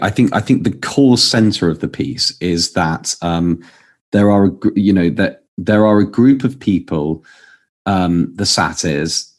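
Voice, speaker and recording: The voice is a man's and sits very low, deep and grounded. He talks as an interview guest, earnest and searching, circling back and restarting as he works his thoughts out loud. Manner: earnest, thinking aloud with many restarts. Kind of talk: conversational interview.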